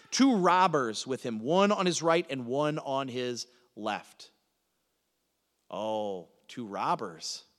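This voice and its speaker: A man preaching a sermon, teaching through a Bible passage with emphatic delivery that swings from loud to hushed. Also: fairly high pitch, big-room sound.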